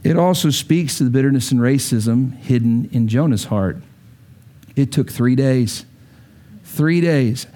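A male pastor preaching a sermon, telling stories with animated voices for the people in them. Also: medium pitch, unhurried. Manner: animated storytelling with acted quotes.

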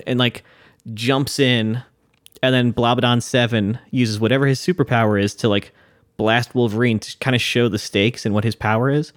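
A man's voice: mid-range voice, steady tone, moderate pace, dry recording, studio quality. A man co-hosting a casual chat, laughing often and swearing freely. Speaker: podcast co-host.

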